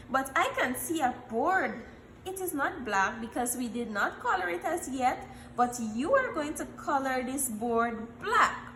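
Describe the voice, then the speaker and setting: A woman teaching young children a phonics lesson, encouraging them and repeating letter sounds slowly. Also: high voice, pushed and bright, echoey room, a little hiss or hum. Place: classroom.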